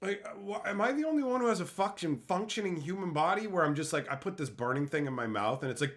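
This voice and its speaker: Animated, bright-voiced male streamer. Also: a little high, fast talker, few pauses. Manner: animated, swearing, rants with exasperated disbelief. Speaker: streamer reading chat. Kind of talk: casual live-stream chat.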